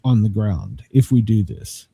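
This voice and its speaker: A man's voice: lowish voice, measured pace, mellow, slightly rough, no echo, studio quality. A man hosting a podcast in casual chat, rambling and self-mocking and often breaking into laughter. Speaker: podcast host.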